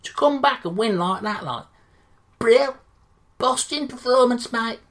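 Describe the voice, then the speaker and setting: A woman voicing a pushy male sports radio reporter in a comedy sketch, who talks loudly and gushes. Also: on the high side, animated, a little slow, pitched above the performer's own voice. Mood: gushing. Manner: loud, gushing, pushy.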